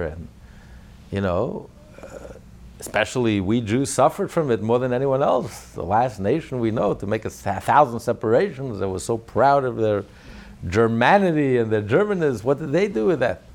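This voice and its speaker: A man's voice: lowish voice, creaky, darkish tone. A man teaching a religious class as a rabbi, emphatic and rhetorical, illustrating points with stories.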